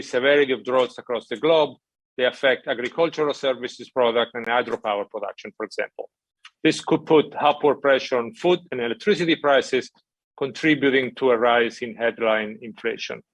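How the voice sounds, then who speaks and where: Man giving a measured policy talk. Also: mid-range voice, no room sound. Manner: measured, emphatic, frequent "right?" check-ins. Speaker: conference speaker from an international financial institution. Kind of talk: prepared conference talk.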